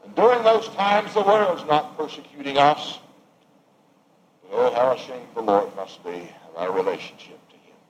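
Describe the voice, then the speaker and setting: A man preaching a sermon, swinging from raised emphatic lines to hushed, quiet ones. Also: mid-range voice, slight background noise, poor audio.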